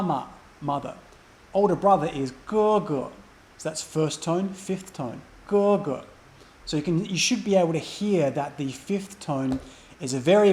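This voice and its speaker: A man's voice: fairly high pitch, darkish tone. A man teaching a beginner language lesson, explaining step by step and saying example sounds aloud. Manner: patient, demonstrates sounds aloud.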